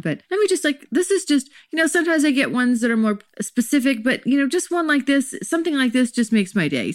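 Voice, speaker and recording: A woman's voice: medium pitch, no echo, clean studio sound. A woman hosting her own podcast, talking in a chatty, gushing way with lots of fillers. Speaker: podcast host. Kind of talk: casual solo podcast talk.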